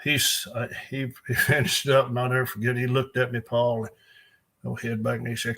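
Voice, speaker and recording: A man's voice: medium pitch, flat delivery, normal speed, gravelly, sharp tone. An older man, a strength coach telling rambling, folksy stories in an interview. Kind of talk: storytelling in an interview.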